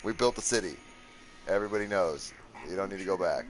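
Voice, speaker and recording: A young man streams a game with casual commentary, sounding tired and rambling after a long session, with sarcastic asides and lots of swearing. He speaks fast in a low voice.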